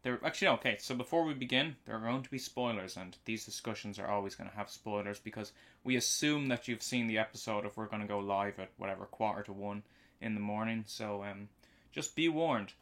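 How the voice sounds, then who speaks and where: A man's voice: fairly low pitch, brisk, fairly bright tone. A man co-hosting a casual live podcast, rambling with frequent restarts and fillers. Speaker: podcast co-host. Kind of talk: casual live episode discussion. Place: home basement.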